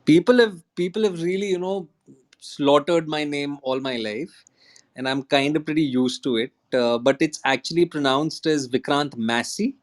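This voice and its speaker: A man's voice: fairly high pitch, normal speed. A man, an actor chatting as a guest. He talks earnestly, with many restarts and fillers, and slips into Hindi. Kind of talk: casual chat on an audio app.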